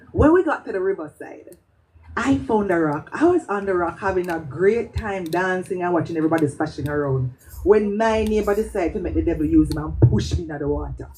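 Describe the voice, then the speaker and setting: A Jamaican woman performs spoken-word poetry with a warm, mellow voice. She tells her story with animation, moving freely between standard English and patois. A faint hiss sits under her voice. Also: mid-range voice, poor audio. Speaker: poet.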